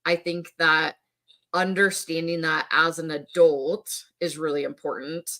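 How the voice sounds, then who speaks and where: Middle-aged woman guest with a lowish voice, chatty and loose, fillers everywhere. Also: unhurried. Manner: conversational, filler-heavy, animated when quoting her son. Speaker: podcast guest. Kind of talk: casual conversation.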